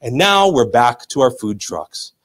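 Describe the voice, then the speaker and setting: A man presenting at a business seminar, giving an emphatic motivational pitch to a live audience. He repeats key phrases, quizzes the crowd and teases them into keeping up. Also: very animated, unhurried. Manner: pushy and teasing, tells listeners to stop.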